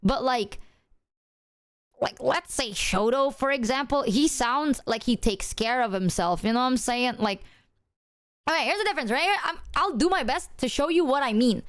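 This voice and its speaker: A woman's voice: sits high, expressive, moderate pace, no echo, studio quality. A woman streamer chatting casually with her viewers in a loose, rambling way, full of filler words and swearing.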